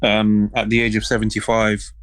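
A man on a chat panel telling a lively anecdote. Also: lowish voice, normal speed, no echo. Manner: animated anecdote teller. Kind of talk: casual chat.

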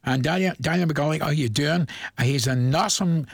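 A man's voice: a little high, a little fast, gravelly, slightly rough, no echo. Man, Northern Irish accent, radio presenter, jovial, chuckling, dry studio sound. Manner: jovial, chuckling, reads dedications warmly. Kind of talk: chatty radio request show.

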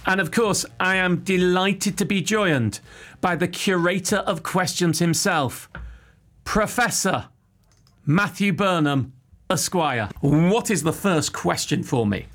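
Answering a listener's money question on a casual Q&A episode, a male podcast host is chatty and jokey and explains at length. His voice is high-pitched, slow and fairly bright.

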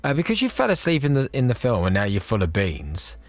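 A man's voice: mid-range voice, huge pitch swings, fast, dry recording. A man hosting a radio phone-in, chatty, teasing and upbeat. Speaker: radio show host. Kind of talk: lively radio phone-in chat. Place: radio studio.

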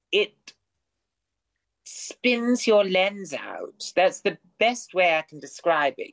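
A man, a guest on a radio interview, who talks in a florid, wordy, theatrical way. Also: fairly high pitch. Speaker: guest performer.

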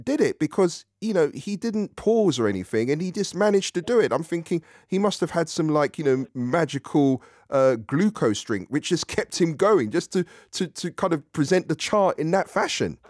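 A man's voice: fairly high pitch, big pitch swings, normal speed, few pauses, darkish tone, no room sound, clean studio sound. A male radio presenter chatting in a friendly way with a caller and using lots of fillers. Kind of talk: radio phone-in chat.

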